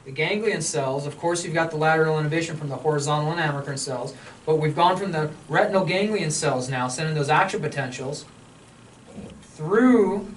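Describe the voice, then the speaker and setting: A male university lecturer explains things in a relaxed, joking way and keeps checking in with the class. His voice sits a bit high and comes from a distance across a lecture hall. There is a faint hum behind him. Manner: casual, joking, checks in with students.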